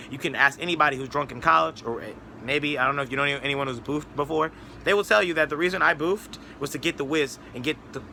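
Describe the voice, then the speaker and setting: Male commentator, casual rant, quick and sarcastic, slightly higher voice with a rough fry. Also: sharp tone, a little hiss or hum. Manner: rambling, sarcastic, mocking quotes. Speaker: political commentator. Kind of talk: casual opinion monologue.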